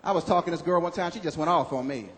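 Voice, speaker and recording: A man performing a stand-up comedy routine on stage, animated and loud on his punchlines, acting out other people's voices. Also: a little high, racing, slight background noise. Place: comedy club stage with live audience. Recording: live hall recording with audience.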